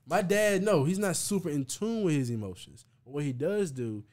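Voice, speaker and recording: Guy on a podcast, kinda high voice, keeps saying hold on hold on till he gets to talk. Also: expressive, moderate pace, a little mellow. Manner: insistent, repeats himself to get the floor. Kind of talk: heated group debate.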